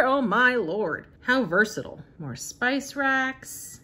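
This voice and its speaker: A woman with a high-ish, bright, forceful voice and a breathy edge speaks in an animated way, slowly but with few pauses. She hosts her own channel as a vintage reseller, chatting casually over an old catalog and laughing often in amusement.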